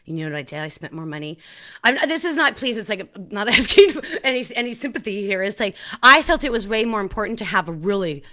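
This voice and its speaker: A woman hosting her own podcast in a casual, animated solo talk, laughing at herself and often restarting her sentences. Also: fairly low pitch. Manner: excited restarts and repeated words. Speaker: podcast host.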